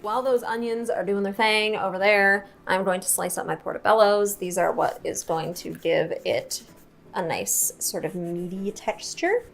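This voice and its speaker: A woman's voice: mid-range voice, steady tone, normal speed, creaky. A young woman hosting a home cooking tutorial in a kitchen, chatty, playful and self-mocking, laughing often at her own slips. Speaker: cooking show host.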